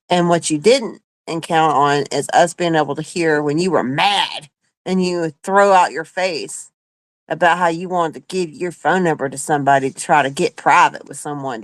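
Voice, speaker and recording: A woman's voice: low voice, dry recording, poor audio. Woman in a profane, furious rant. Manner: profane, confrontational, emphatic. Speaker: livestream host. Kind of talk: angry livestream rant.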